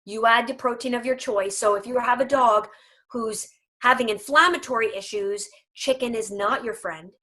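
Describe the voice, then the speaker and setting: A woman's voice: fairly high pitch, moderate pace, bright, forceful tone. A woman speaking for a dog food company in a casual video chat, emphatic, humorous and persuasive.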